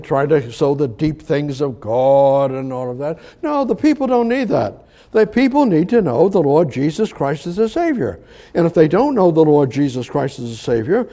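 Older male pastor preaching, warm and folksy. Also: on the high side. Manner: conversational preaching, rising emphatic then dropping quiet. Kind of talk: sermon.

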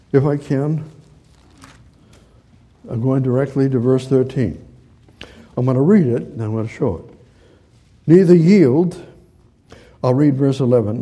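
Medium in pitch, mellow and a bit rough, this man's voice carries a sermon full of repetition. He reads from scripture, quizzes the congregation, and uses his hands while he teaches.

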